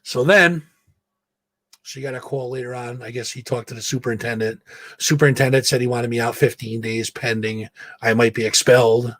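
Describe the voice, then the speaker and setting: Here a male podcast host with a mid-range voice talks at normal speed in his home studio. He spins a casual, swear-heavy story, animatedly performing what each person said. When he vapes, he mutes his own mic.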